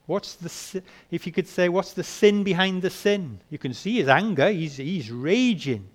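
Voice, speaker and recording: Male preacher, slightly high voice, rhetorical questions, emphatic bursts. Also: expressive, normal speed. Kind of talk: sermon.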